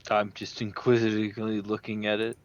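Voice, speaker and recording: A man's voice: lowish voice, completely flat delivery, a little fast, no room sound, muffled recording. A man playing a tabletop game who jokes around and laughs a lot in casual chat. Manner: joking, laughs often. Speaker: player.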